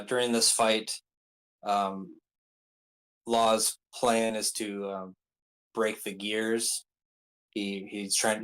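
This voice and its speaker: This rough recording captures a man with a lowish voice recapping an anime arc for his video channel. His retelling is loose and rambling, peppered with ums, uhs, and little jokes.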